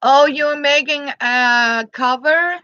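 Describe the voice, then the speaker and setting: Slow high-voiced woman streaming. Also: fairly even intonation, no room sound, muffled recording. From Denmark. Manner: greets viewers by name between thoughts, gentle, frequent soft laughs. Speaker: live-stream host. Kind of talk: casual live-stream chat.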